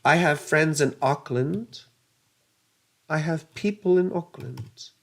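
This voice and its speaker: A woman voicing a loud, silly man. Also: takes it slowly, gravelly, heavily acted. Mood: deadpan. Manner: shouting, goofy, high-pitched.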